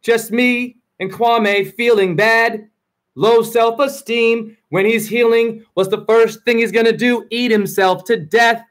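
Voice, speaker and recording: Rambling high-voiced man freestyling rhymes. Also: steady tone, takes it slowly, fairly bright tone. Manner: rhyming free-association wordplay; preachy, rambling. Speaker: video channel host. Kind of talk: spoken-word freestyle monologue.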